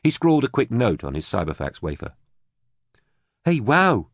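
A man reading an audiobook in a measured, even storytelling manner. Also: low voice, vocal fry, no echo, clean studio sound. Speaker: audiobook narrator. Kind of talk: scripted narration.

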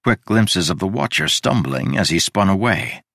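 A man reading a fantasy audiobook in a measured, dramatic storytelling manner. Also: low voice, lively intonation, creaky, a bit bright, no room sound, studio quality. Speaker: audiobook narrator. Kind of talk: scripted fantasy narration.

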